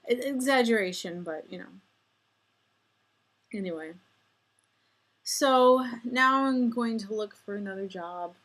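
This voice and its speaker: Woman, 20s, vlogger; chatty, self-deprecating, slow unhurried delivery. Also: on the high side, fairly bright tone. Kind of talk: casual vlog monologue.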